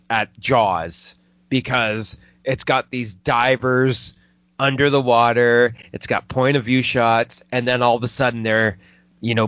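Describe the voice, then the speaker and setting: Profane, excitable man on a dull dry recording. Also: mid-range voice, no room sound. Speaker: film podcast host. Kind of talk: casual movie review chat.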